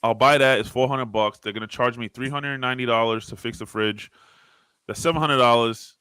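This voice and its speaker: Guy on a podcast, bright forceful voice, dry close mic, swears a lot and gets loud acting stuff out. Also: mid-range voice, fairly quick, clear, resonant tone, dry recording. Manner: animated storyteller, swears freely, acts out arguments loudly. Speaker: podcast co-host. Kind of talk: casual chat.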